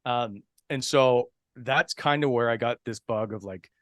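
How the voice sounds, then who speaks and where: Relaxed broadcaster from New Brunswick. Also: male voice, mid-range voice, measured pace, no room sound, clean studio sound. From Canada, New Brunswick. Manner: relaxed, conversational storyteller. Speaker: podcast guest, broadcaster. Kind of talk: casual chat.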